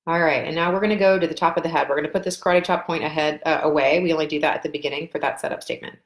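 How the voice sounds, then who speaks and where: A woman coaching a live group through a tapping session, gently encouraging them and often pausing with ums. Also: low-pitched, steady tone, roomy sound. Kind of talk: guided tapping session over video call.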